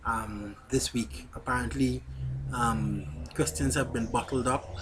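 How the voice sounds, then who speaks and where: A man speaking frankly to his camera in a mid-pitched voice. He talks plainly and directly to his viewers, with a faint hiss of noise underneath. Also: fairly even intonation, unhurried. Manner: blunt, candid, addresses viewers directly. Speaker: vlogger. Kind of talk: casual talk to camera.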